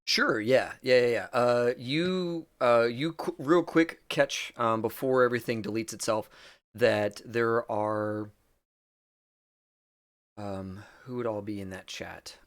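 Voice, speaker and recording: A man's voice: fairly low pitch, slow, fairly bright tone, no echo, clean studio sound. A man narrating as game master, loose and chuckling, with many fillers. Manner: loose, laughing, lots of fillers.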